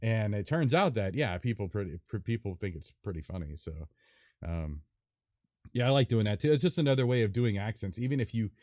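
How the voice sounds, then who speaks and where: A man hosting a casual gaming podcast, rambling and animated with lots of fillers. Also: on the low side, dry recording, studio quality. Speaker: podcast host. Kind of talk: casual chat.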